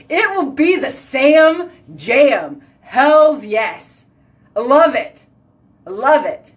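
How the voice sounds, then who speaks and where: A woman's voice: sits high, sing-song, slow pace. A woman from Houston with a Texan accent, chatting casually at home by her sink as a vlog host, bubbly and rambling. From Houston, Texas. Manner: bubbly, rambling, says y'all a lot.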